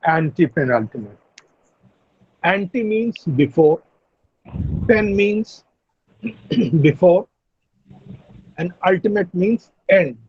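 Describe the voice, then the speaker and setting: A man with an Indian English accent explaining word stress in an online class, working methodically through each example and often clearing his throat. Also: high-pitched, expressive, takes it slowly, long pauses, no room sound. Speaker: English teacher. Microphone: video call. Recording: dull lo-fi video call audio.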